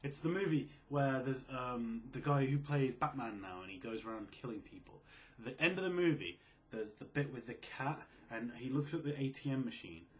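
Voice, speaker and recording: A quiet, low-key young man in casual chat, reading out and answering viewer questions. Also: animated, moderate pace. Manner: quiet, low-key, self-described mellow and sleepy.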